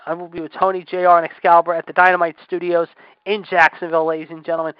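A man in his forties doing excitable mock wrestling commentary, full of announcer filler phrases. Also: a little high, very fast, clear, resonant tone, dry recording, highs cut off. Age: 40s. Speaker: play-by-play commentator.

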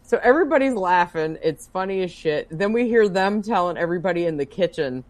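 A woman co-hosting a casual chat, telling a story in a loud, animated and profane way. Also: lowish voice, a little fast, dry recording. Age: adult working as a bartender. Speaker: podcast co-host.

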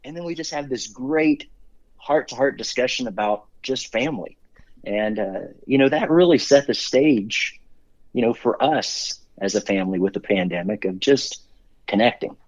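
A man's voice: mid-range voice, moderate pace. A middle-aged man, a company CEO, telling stories as an interview guest in an upbeat, rambling way with many fillers and restarts. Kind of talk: casual interview storytelling. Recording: dull lo-fi sound.

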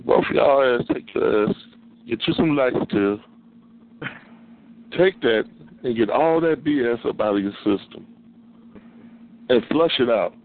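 A man's voice: mid-range voice, expressive, unhurried, long pauses. A man calling in to a radio talk show, talking bluntly in crude slang. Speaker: caller. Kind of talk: call-in comments. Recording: tinny phone line.

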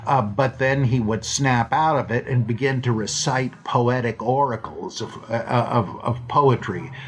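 A man hosting a podcast, talking off the cuff in a slow, rambling way, full of fillers and restarts, now and then acting out quoted lines in playful voices. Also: medium pitch. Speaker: podcast host answering listener questions. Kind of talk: unscripted monologue.

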